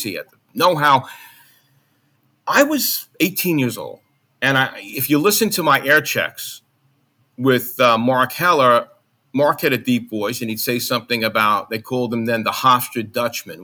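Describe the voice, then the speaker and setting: A middle-aged man with a trace of a Long Island accent, telling animated stories as an interview guest about his radio days. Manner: animated, jumps into high mock voices when recounting. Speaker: guest, former college radio announcer. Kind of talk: conversational interview storytelling.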